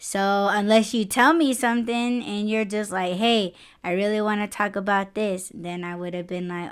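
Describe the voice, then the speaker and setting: A woman's voice: medium pitch, steady tone, normal speed, few pauses, clean tone. A woman co-hosting a podcast in casual chat, teasing her partner playfully and laughing often. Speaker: podcast co-host.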